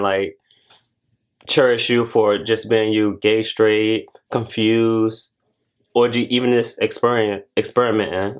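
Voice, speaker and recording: A man's voice: medium pitch, clean tone. A young adult man, a cast member, chatting casually in an interview, rambling with lots of filler words. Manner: relaxed, rambling, heavy use of "like" fillers.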